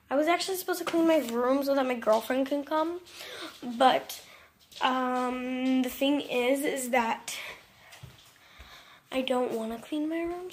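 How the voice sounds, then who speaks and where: A woman with a high voice vlogs casually from home, lying on her floor. She talks at an unhurried pace, rambling and mocking herself. Her voice sinks to near mumbles and then leaps into sudden loud bursts, with faint noise under it. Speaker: vlogger.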